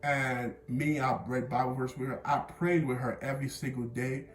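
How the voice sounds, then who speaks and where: A man's voice: mid-range voice, fairly even intonation, moderate pace. Young man telling a story, roomy sound. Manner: rambling, repeats "things like that". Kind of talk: casual storytime vlog. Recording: roomy room with faint music.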